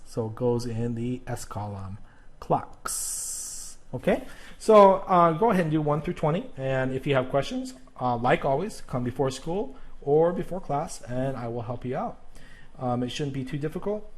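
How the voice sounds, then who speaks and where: A male teacher explaining an exercise in a recorded video lesson, patient and self-correcting as he goes step by step. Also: mid-range voice.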